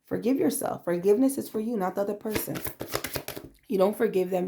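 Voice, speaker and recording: Blunt woman tarot reader, casual and profane, mid-pitched. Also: brisk, creaky, dark tone. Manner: blunt, profane, streetwise, calls listener babe; acts out quoted voices. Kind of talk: casual tarot reading to camera.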